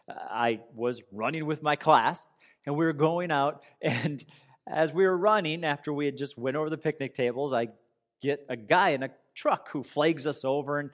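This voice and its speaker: A man preaching a sermon in an earnest, conversational way, telling a personal story. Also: medium pitch. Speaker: pastor.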